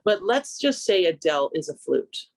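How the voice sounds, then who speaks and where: A woman singer from Canada talking through her craft in a relaxed radio interview, reflective and conversational, lifting her pitch when she quotes herself. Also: moderate pace, dry recording. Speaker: singer and vocal coach, interview guest.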